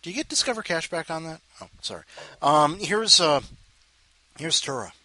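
Rambling bright-voiced man host. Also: a little high, lively intonation, normal speed, no room sound. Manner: self-interrupting, jokey asides, apologizes often. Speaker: host introducing readers. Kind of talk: rambling casual chat.

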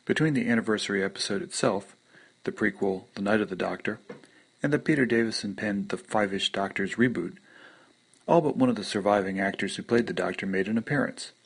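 Male story reader, deep gravelly husky tone, conversational. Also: fairly quick. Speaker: podcast contributor. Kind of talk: reading his own story.

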